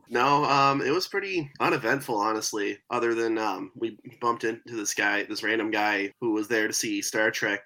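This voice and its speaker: A man's voice: mid-range voice, fairly even intonation, moderate pace, bright, forceful tone, rough recording. A man co-hosting a casual podcast, telling stories in a laid-back way. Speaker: podcast co-host.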